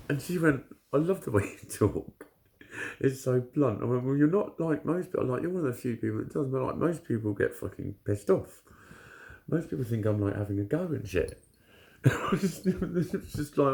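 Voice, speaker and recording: A man's voice: medium pitch, darkish tone. A man telling a story to camera in casual vlog talk, blunt and full of swearing, laughing often. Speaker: vlogger.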